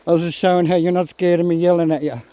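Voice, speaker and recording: A man's voice: fairly high pitch, little pitch movement, fast, dark tone, dry recording, poor audio. A man chatting casually into a phone camera outdoors by a creek, rambling and talking to his dogs. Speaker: vlogger. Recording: faint outdoor background noise. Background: faint outdoor nature sounds.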